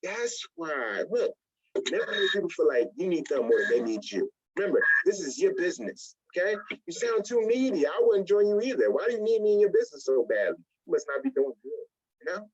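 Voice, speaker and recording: Man, motivational trainer, high lively voice, dull lo-fi sound. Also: fast talker. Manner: animated, acts out little scenes in other voices. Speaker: network marketing trainer.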